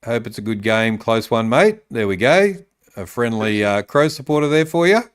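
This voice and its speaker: Aussie bloke hosting a live stream, clear smooth voice, lots of ums reading out chat. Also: male voice, mid-range voice, animated, normal speed. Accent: Australian. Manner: reads viewer tips aloud, many ums and uhs. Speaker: podcast host.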